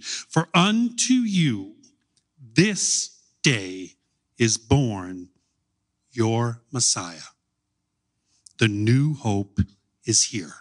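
A middle-aged man preaching a sermon, telling stories slowly with long pauses. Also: high-pitched, a bit bright. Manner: slow storytelling with long pauses.

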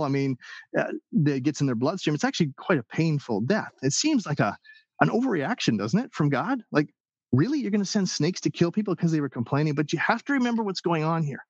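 Animated male preacher, lively pitch. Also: no echo, highs cut off. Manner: animated preaching, acts out quoted voices. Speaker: pastor. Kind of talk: sermon.

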